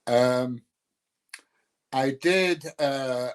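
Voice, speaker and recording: A man's voice: medium pitch, drawn-out words, smooth. A friendly man with a South Yorkshire accent, talking off the cuff on a live stream. He rambles through his points with plenty of ums and uhs and stops to greet viewers by name. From North Nottinghamshire, England. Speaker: YouTuber greeting live chat. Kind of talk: casual live stream chat.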